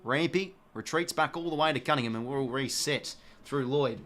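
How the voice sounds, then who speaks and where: An Australian man streams a live football watch-along, calling the play casually, swearing often and shouting at the players. His mid-range voice moves at a moderate pace over crowd noise.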